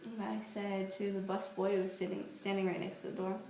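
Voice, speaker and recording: A woman's voice: mid-range voice, fairly quick, crowd noise. A woman in her twenties telling stories in a casual, playful vlog, walking outdoors and holding her camera. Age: 20s. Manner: chatty, animated, playful storytelling. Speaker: vlogger. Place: outdoors on a street at night. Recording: roomy echo with faint ambient noise.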